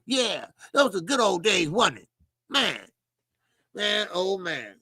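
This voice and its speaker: A man's voice: high-pitched, very animated, takes it slowly, sharp tone, husky, no echo, studio quality. A man hosting a casual boxing livestream, talking animatedly with swearing and greeting chat viewers by name. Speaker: boxing show host.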